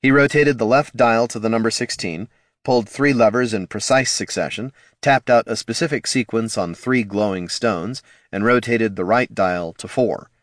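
A man narrating an adventure story in a lively, expressive reading voice. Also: lowish voice, moderate pace, no room sound, clean studio sound. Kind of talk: audiobook narration.

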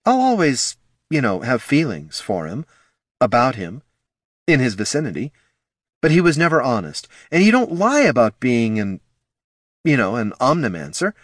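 A man's voice: mid-range voice, wildly swooping pitch, moderate pace, no room sound, clean studio sound, pitched above the performer's own voice. A man voicing a stubborn, hot-tempered female fire mage who answers curtly. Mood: flustered. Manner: curt, growling, defensive.

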